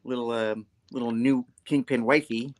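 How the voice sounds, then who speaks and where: A man's voice: mid-range voice, steady tone, normal speed, a little mellow. A man reviewing a comic book on a casual talk show, retelling the story with lots of "like" and "you know". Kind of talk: casual chat.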